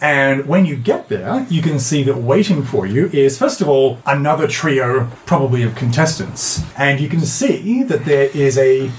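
A man's voice: medium pitch, animated, moderate pace, hardly any pauses, slight background noise. A man running a tabletop fantasy game as game master, narrating scenes with frequent laughter. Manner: laughs often, playful narration.

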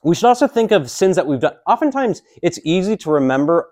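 A man's voice: high-pitched, sing-song, brisk, darkish tone, dry recording, studio quality. A man in his forties, a priest, teaching a catechism class in a casual, joking way with many fillers. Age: 40s.

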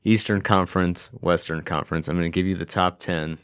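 A man's voice: deep voice, steady tone, brisk, a bit bright, no echo, studio quality. A man co-hosting a casual sports podcast, loose and blunt, swearing casually. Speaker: podcast co-host leading a segment.

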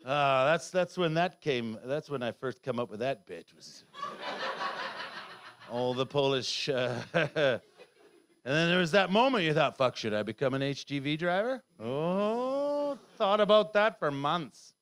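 A man's voice: on the high side, lively intonation, slow pace, fairly bright tone. A man doing surreal stand-up comedy and chatting about his set, absurd and sweary. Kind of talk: surreal stand-up with interview chat.

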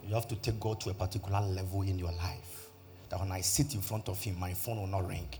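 A man's voice: low-pitched, fairly even intonation, fairly quick, a little mellow, slight background noise. A man, preaching a testimony sermon as pastor and driving points home by repeating them. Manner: emphatic, repeats key phrases.

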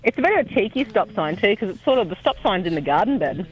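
Giggly high-voiced man. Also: very animated, fast, husky, rough recording. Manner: giggly, chatty, laughs often. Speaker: lodge operator, studio guest. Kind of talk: casual radio chat.

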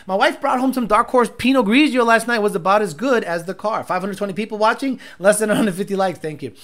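A man's voice: sits high, fast, fairly bright tone. A man hosting a live stream in crude, rambling, profane chat. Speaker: livestream host.

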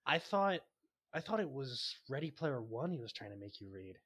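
A young man guest in a casual podcast chat, talking with halting restarts. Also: mid-range voice, very animated, fairly bright tone.

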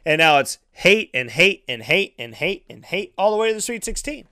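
Sports talk guy ranting live, high bright voice, sharp and sarcastic, keeps repeating himself. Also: very animated, moderate pace, smooth. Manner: heated, sarcastic, repetitive ranting. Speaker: sports broadcaster.

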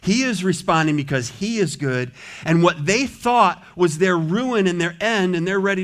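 A pastor delivering a lively sermon in a church, his voice sitting a little higher than most men's. He preaches with energy and keeps dropping into put-on voices of a complaining crowd. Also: moderate pace. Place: church sanctuary.

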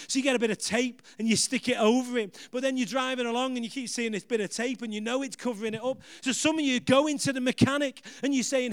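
A man preaching a sermon, energetic and rousing, building up to shouts and laughing at himself along the way. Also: very high-pitched, quick pace, no echo, studio quality. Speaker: pastor.

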